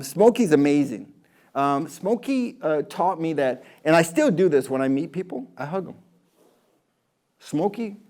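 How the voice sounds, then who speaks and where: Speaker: man, slightly high voice, loose, jokey storyteller who restarts his sentences, motivational talk to a crowd. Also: a little mellow. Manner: chatty, jokey, many restarts.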